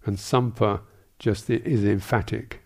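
A man, a Buddhist monk teacher, answering questions in a dharma talk, speaking in a halting, thoughtful way with many restarts and small asides. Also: fairly low pitch, fairly even intonation, breathy edge.

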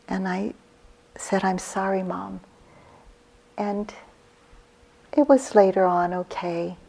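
A woman in her sixties, a meditation teacher giving a gentle, reflective dharma talk on retreat, her phrases trailing off softly. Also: mid-range voice. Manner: slow, gentle, reflective storytelling with soft breathy trailing phrases.

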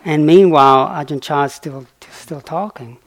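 A man giving a dharma talk, telling a story in a soft-spoken way that often drops quiet and breaks into chuckles. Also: fairly high pitch, normal speed. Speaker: meditation teacher.

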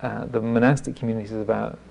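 Brief: male monk teacher, mellow and gravelly, telling a wry story on himself, faint hiss behind. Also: on the low side, level tone. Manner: self-deprecating storytelling; halting, with frequent restarts. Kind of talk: dharma talk.

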